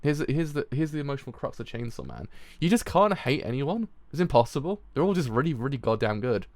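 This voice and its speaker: A man streaming a live reading and reaction to a comic, excitable and rambling, often restarting his sentences. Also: mid-range voice, fairly quick, no room sound.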